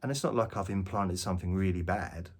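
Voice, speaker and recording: A man's voice: low voice, brisk, darkish tone. A man rambling to camera outdoors, jokey and self-mocking as he drifts between points. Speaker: vlogger. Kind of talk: rambling spoken monologue to camera. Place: outdoors, walking around.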